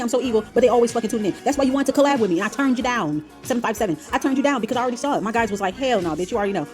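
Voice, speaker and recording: Fast, profane woman ranting. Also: on the high side, a little mellow. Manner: profane, confrontational, rapid ranting. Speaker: tarot channel host. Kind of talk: heated commentary on played clips.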